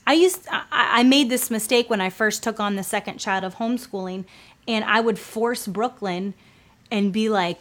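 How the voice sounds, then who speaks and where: A woman's voice: mid-range voice, normal speed, a bit bright. A woman in her thirties, a homeschooling mother, giving earnest, conversational faith-based advice with frequent fillers.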